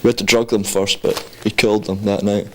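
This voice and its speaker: A man from a band talking casually in an interview, relaxed and hesitant, with dry humor. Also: on the low side, fairly quick, a little hiss or hum, rough recording. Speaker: band member.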